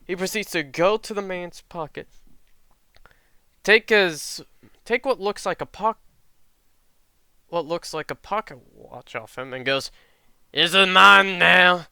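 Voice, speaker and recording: A man's voice: sits high, expressive, measured pace, pauses often, sharp tone, clean tone, no room sound. A young man casually telling a made-up fan story, jokey and swearing now and then.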